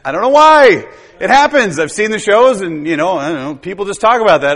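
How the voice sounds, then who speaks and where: A man's voice: high-pitched, expressive, fairly quick, fairly bright tone. A man preaching a sermon in a conversational, rambling way, tossing in tag questions and chuckles. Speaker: pastor. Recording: long hall reverb.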